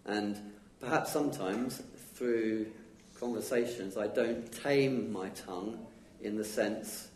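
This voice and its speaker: A man giving an informal, conversational sermon at a church, chatting with the congregation. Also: on the low side. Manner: conversational, chatty, acts out quick dialogue. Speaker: lay preacher. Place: church hall. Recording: echoey church room with faint noise.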